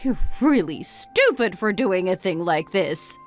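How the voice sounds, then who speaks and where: A woman's voice: mid-range voice, sing-song, measured pace, soft background music. A woman voicing an exasperated middle-aged mother who scolds her grown son with one reproachful question after another, read as a texting-story voice-over.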